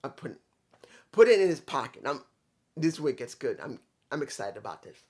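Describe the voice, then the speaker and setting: A man's voice: mid-range voice, big pitch swings, moderate pace, darkish tone. A man reviewing a wrestling show in a casual, rambling way, with some swearing and restarts.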